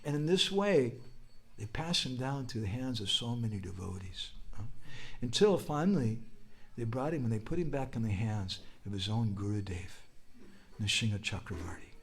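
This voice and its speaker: A man at a festival spins a devotional story as a sermon. His voice sits at an ordinary middle pitch but swings up sharply whenever he quotes a character or cries out. He keeps his listeners engaged with small jokes and quick prompts to the room. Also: breathy edge. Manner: animated, leaps high and loud when quoting and crying out; humorous asides, prompts listeners with "huh?". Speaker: speaker at a religious festival.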